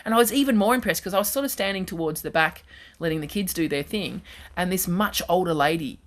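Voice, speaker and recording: A woman in her forties, a guest on a radio show, telling a story in a chatty, animated way. Her voice sits a little low. She talks casually in a radio studio. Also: fast. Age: 40s. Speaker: guest comedian.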